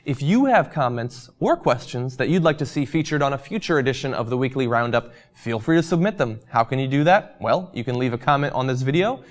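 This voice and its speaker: A man hosting a casual vlog, answering viewer questions in a relaxed, chatty way with lots of ums and uhs, and he is losing his voice. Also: mid-range voice, fairly quick, few pauses. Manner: relaxed and chatty, with frequent um and uh fillers.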